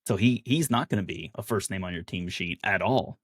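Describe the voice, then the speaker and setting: Lower-voiced man hosting a sports podcast. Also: fairly quick, slightly rough, no room sound, clean studio sound. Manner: leads the talk, poses questions. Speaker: podcast host. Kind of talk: casual sports chat.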